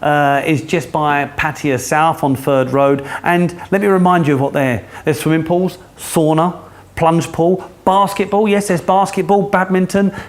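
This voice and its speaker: Upbeat male co-host, a touch high, casual and jokey. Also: fairly even intonation, measured pace. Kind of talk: casual chat.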